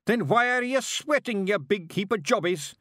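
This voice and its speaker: A man voicing a tiny, pugnacious Feegle warrior who shouts in a broad Scots accent. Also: sits high, expressive, normal speed, no room sound, studio quality, pitched above the performer's own voice. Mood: raging. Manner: shouting, belligerent.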